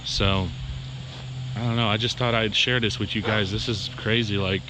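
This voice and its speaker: A man's voice: fairly low pitch, fairly even intonation, normal speed. Exasperated man vlogging outdoors. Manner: exasperated, repeats himself, talks to viewers. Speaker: lawn care contractor. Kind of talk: casual outdoor vlog. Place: outdoors at a mowing job. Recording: outdoor noise with crickets.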